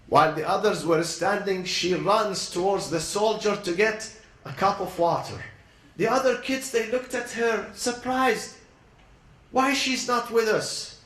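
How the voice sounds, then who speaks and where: A man at a youth gathering, telling a religious story as a sermon, with dramatic pauses and short emotional phrases. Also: sits high, fairly bright tone. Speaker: speaker at a youth event. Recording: roomy echo.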